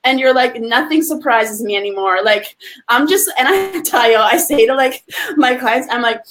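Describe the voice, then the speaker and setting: Animated lady coach w a high voice, laughs a lot, swears casually, acts out quotes. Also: normal speed. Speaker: business coach guest. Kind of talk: casual live-stream interview.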